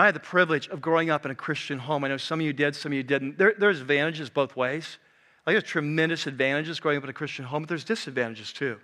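Bright, animated male preacher. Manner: animated, swings from loud and high to soft and low. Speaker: pastor. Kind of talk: sermon.

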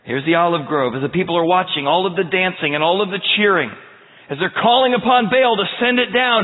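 A man's voice: high-pitched, a little fast. Male pastor, emphatic sermon, phone-like tinny audio, long hall reverb. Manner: animated, emphatic storytelling. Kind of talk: verse-by-verse sermon.

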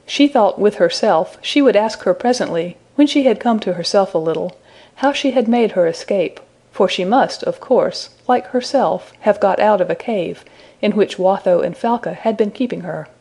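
A woman reading a fairy tale aloud as an audiobook narrator, with an even, measured delivery. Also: mid-range voice, gravelly. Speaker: audiobook reader. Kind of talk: storybook narration.

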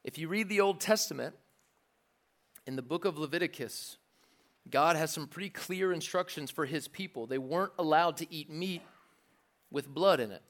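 A man preaching a sermon in a lively, joking way, acting out the voices of the crowd. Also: a little high, moderate pace, pauses often. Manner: animated, jokey preaching with acted-out crowd voices. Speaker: pastor.

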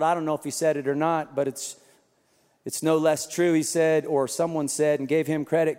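Male pastor, sermon, high voice, self-deprecating storyteller, church hall reverb. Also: a little mellow.

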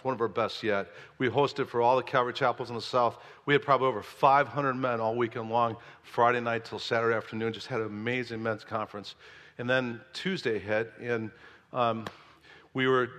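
A man preaching as pastor, telling a story in a lively, conversational way. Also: on the high side. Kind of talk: sermon. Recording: long hall reverb.

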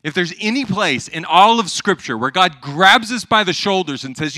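Young male pastor, bright tense voice, dry close sound, emphatic sermon delivery that swings loud to hushed. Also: high-pitched, lively intonation, normal speed, no room sound.

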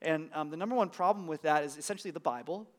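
A man's voice: a little high, fast talker. A man, a pastor, preaching a sermon in a conversational, emphatic way with casual asides.

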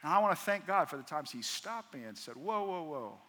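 Male pastor, sermon delivery, bright piercing tone, long church-hall echo. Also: fairly high pitch, very animated, quick pace, a little hiss or hum. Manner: preaching with acted-out dialogue and rhetorical questions.

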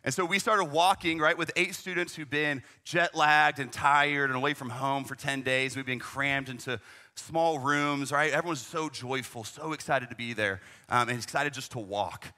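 A man's voice: medium pitch, steady tone, moderate pace, bright, forceful tone. A young man, a youth ministry leader, telling a travel story in a conversational way, full of "man" and "right?" asides. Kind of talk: storytelling talk.

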